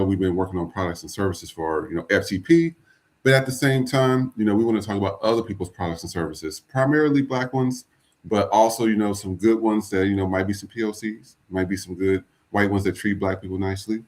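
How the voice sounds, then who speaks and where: Low-voiced man hosting a chatty podcast. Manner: loose and chatty, with fillers and restarts. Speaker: podcast host. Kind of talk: casual podcast talk.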